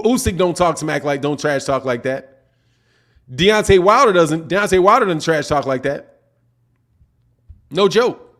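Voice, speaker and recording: Guy with a slightly high voice running a boxing live stream, laid-back and slangy, keeps saying man and dog. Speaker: boxing channel host. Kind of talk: casual livestream commentary, reading chat.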